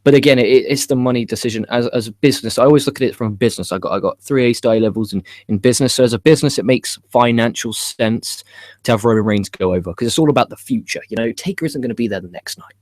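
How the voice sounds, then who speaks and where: A man's voice: medium pitch, fast talker, a little mellow, dry recording, studio quality. A man hosting a casual live stream, rambling through opinionated, profane commentary full of restarts and swearing. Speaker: wrestling show host.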